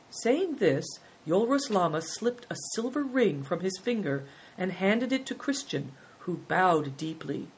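A woman narrating a children's storybook in a measured, gentle reading style, with a breathy voice. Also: sits low.

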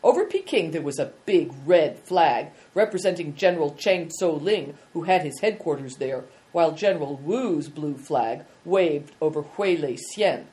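Low-voiced woman reading a storybook. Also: lively intonation, normal speed, few pauses, dark tone. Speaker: narrator. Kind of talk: audiobook reading.

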